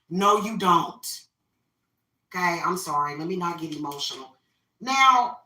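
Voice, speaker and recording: Venting woman, bright and roomy. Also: medium pitch, distant mic. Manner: opinionated, venting, repeats herself. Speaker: spiritual reader and vlogger. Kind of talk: casual rant while carving a pumpkin. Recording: roomy echo, voice off-mic.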